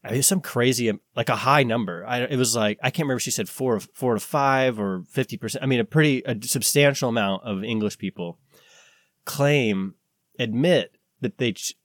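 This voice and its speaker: A man's voice: medium pitch, normal speed, no room sound, clean studio sound. An American man co-hosting a casual podcast chat, rambling and searching for words with lots of fillers. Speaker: podcast co-host.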